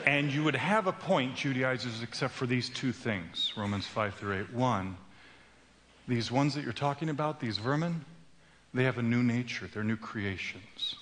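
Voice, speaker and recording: A man preaching a sermon with animated storytelling that swings into loud outbursts. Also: mid-range voice, normal speed, slight background noise. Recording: long hall reverb.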